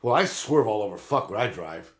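A man's voice: on the low side, lively intonation, a little fast. Profane, rambling older-sounding man. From Southern California. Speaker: podcast co-host. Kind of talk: casual chat.

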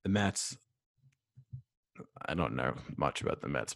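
A man's voice: rumbling low, animated, unhurried, creaky, long pauses, a bit bright, no echo. A young man hosting his own sports podcast alone, rambling casually with lots of fillers and wry asides about himself. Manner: rambling, filler-heavy, self-deprecating. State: out of breath. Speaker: solo sports podcast host. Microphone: USB microphone.

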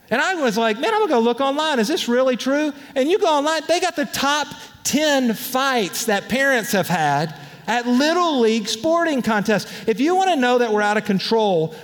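A man with a notably high voice preaches to his congregation in a candid, conversational manner with lively asides. His words ring out into the long reverb of a large church hall. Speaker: pastor. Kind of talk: sermon. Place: church auditorium.

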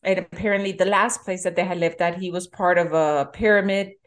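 A middle-aged woman co-hosting a casual movie-review chat, an animated storyteller who acts out the quotes. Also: lowish voice, a little fast. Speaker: podcast co-host.

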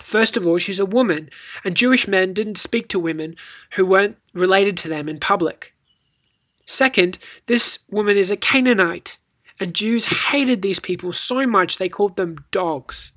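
A teacher delivers a scripted devotional talk at a medium pitch. The delivery is storytelling and rhetorical, and reads scripture passages with expressive inflection. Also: moderate pace. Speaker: Bible teacher.

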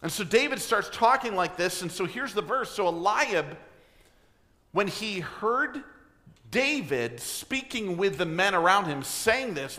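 Slow, bright-voiced preaching man. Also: sits high, big pitch swings, big-room sound. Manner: emphatic preaching, rhetorical questions to the congregation; clears throat often. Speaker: pastor. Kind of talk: sermon. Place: church sanctuary.

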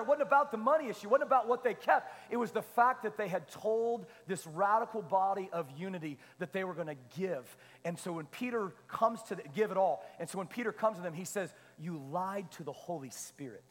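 A male pastor with a high, light voice preaches with rising energy, repeating phrases and tossing questions out to the room. His voice carries a long hall reverb around it. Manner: energetic, repetitive preaching with call-and-response questions. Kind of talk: sermon.

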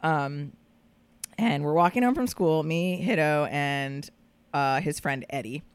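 A woman guest on a podcast, telling a story in casual chat, animated and laughing often, swearing casually. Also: low voice, slow, smooth, dry recording.

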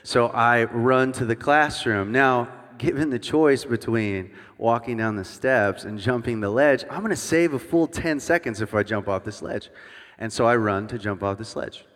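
A man's voice: medium pitch, moderate pace, a bit bright. A man in his thirties, a guest worship pastor, preaches a sermon with humorous, self-deprecating storytelling and jokey asides to the congregation. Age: 30s. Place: church sanctuary before a congregation. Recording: long reverb of a large hall.

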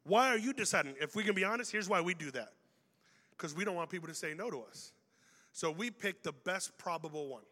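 A man preaching a youth sermon in a large hall, animated and acting out quoted people with humor. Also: high voice, brisk. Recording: long reverb of a big hall.

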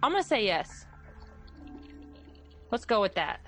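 Female player, mid pitch, hesitant and rambling, slight vocal fry, soft music behind. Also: big pitch swings, measured pace. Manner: hesitant, rambling, with many fillers and restarts. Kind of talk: playing a tabletop game in character.

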